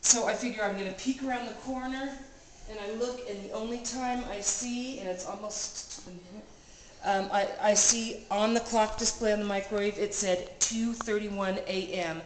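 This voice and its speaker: Woman, mid-pitched voice, casual vlog storytelling, animated and breathless, repeats phrases, echoey cabin room. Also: moderate pace. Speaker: vlogger recounting an experience. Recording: roomy room with clear background noise.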